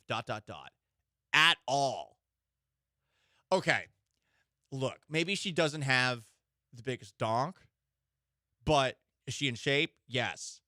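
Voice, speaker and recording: A man hosting a sports radio show, talking in an animated, joking way with rambling asides. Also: medium pitch, dry recording, clean studio sound.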